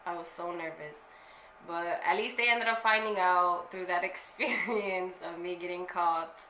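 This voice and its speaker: A young woman with a bright, forceful voice tells a personal story straight to her viewers. She talks candidly in slang and swears freely. The room is echoey and there is a faint hiss. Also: fairly low pitch, measured pace. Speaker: vlogger. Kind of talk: casual storytelling to camera.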